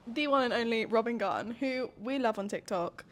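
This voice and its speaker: A young woman co-hosting a podcast in a chatty, casual way, often dropping to a quieter aside. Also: a little high, moderate pace. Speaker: podcast co-host. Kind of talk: casual chat.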